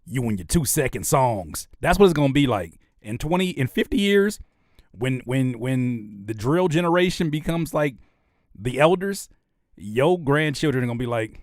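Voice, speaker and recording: A man's voice: medium pitch, expressive, a little fast, dry recording, studio quality. A man hosting a casual livestream chat, playful and joking, mimicking sounds as he talks. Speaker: host.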